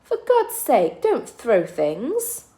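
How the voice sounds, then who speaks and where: A woman's voice: fairly high pitch, huge pitch swings, drawn-out words, pitched above the performer's own voice, exaggerated voice. A woman doing a fierce, snappy young girl. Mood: alarmed. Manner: sharp, snappy, defiant.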